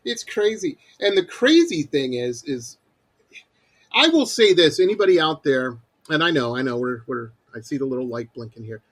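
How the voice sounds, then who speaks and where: Heard on a low-quality recording, this middle-aged radio host speaks at a fairly high pitch and moderate pace. He keeps the interview casual, telling stories animatedly and performing his own rants.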